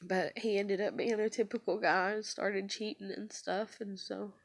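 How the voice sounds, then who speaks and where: A woman's voice: medium pitch, level tone, moderate pace, no room sound. A woman, telling a personal story in a rambling, confessional way, her voice tearful and breaking. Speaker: vlogger.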